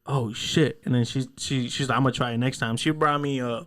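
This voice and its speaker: Young guy hosting a podcast, rambly and swears a lot, does little voices when he quotes people, regular pitch. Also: fairly even intonation, fairly quick, a bit bright. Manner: rambling storyteller, heavy cursing, acts out voices in quotes. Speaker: podcast host. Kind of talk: casual podcast chat.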